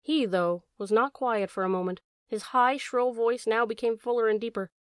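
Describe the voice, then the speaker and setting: A woman narrating a classic animal story in a measured, expressive reading voice. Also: fairly high pitch, no room sound, clean studio sound. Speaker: audiobook narrator.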